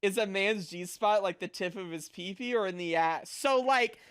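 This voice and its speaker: A man's voice: high voice, normal speed, fairly bright tone, clear, resonant tone. A young man streaming as a VTuber, chatting casually with viewers in a rambling, crude, flustered way full of fillers.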